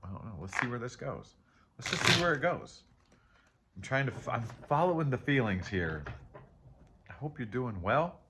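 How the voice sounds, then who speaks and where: A man hosting a casual tarot reading, rambling and reflective, often trailing off, questioning himself and laughing softly at himself. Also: mid-range voice, very animated, normal speed, pauses often, noisy background. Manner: candid and self-deprecating, with soft laughs. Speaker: tarot reader and channel host. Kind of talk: casual spiritual chat while reading tarot.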